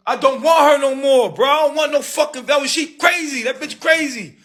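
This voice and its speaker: A man's voice: very high-pitched, a little fast, hardly any pauses, a bit bright. A man hosting a livestream, telling a story in a heated, profane rant full of street slang. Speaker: livestream host.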